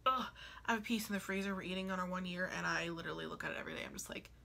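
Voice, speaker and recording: A woman's voice: fairly low pitch, rapid-fire, creaky, sharp tone. A young woman in her twenties chatting casually to camera in a rambling way, often dropping into whispered asides. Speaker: vlogger. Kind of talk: casual chat.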